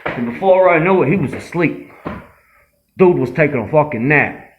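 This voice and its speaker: A man's voice: fairly high pitch, animated, normal speed, highs cut off, a little hiss or hum, voice pushed up, close to an everyday voice. A man voicing a brash, boastful young tough guy who rambles, swears and brags in a comedy sketch. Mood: swaggering. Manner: cocky, rambling, swearing, self-aggrandizing.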